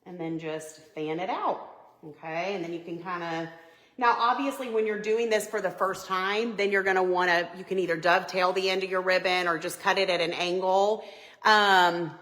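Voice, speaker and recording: A woman's voice: fairly low pitch, steady tone, normal speed, fairly bright tone, roomy sound, poor audio. A woman hosting a live Christmas decorating tutorial, chatty and upbeat, greeting viewers by name. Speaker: home decor livestream host. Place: home living room by a Christmas tree.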